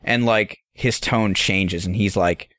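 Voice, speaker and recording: A man co-hosting a podcast, telling a story in an animated, profane, casual way. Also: lowish voice, slow, no room sound, studio quality. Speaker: podcast co-host.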